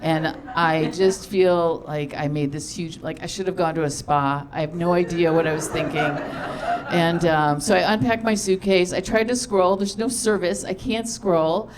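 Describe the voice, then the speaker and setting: A woman's voice: on the low side, steady tone, moderate pace, background noise. A middle-aged woman doing stand-up, telling a long personal story in a chatty, self-deprecating way, full of fillers and acted-out dialogue. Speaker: stand-up comedian. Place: comedy festival stage.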